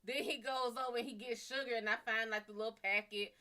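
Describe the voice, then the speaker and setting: A woman's voice: fairly high pitch, steady tone, fast, pushed and bright. A woman hosting a livestream, telling a casual story in a chatty, profane way and talking to her viewers. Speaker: livestream host.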